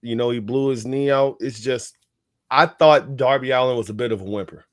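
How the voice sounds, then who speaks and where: Podcast panelist, man, mid-pitched voice, blunt and opinionated, dry close mic. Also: moderate pace, no echo. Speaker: podcast co-host. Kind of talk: casual wrestling podcast chat.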